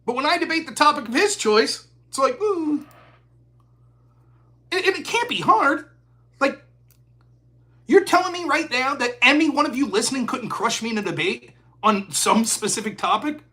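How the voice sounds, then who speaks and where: A man's voice: extremely high pitch, animated, normal speed, sharp tone. A man of forty hosting a live stream, talking in a profane, heated rant. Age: 40s. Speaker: host.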